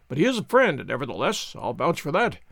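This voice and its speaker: A man's voice: on the high side, huge pitch swings, brisk, vocal fry, fairly bright tone, no room sound, clean studio sound, pitched below the performer's own voice, exaggerated voice. A man reading aloud, voicing a jovial, deferential old English innkeeper with folksy, rustic speech. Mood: eager.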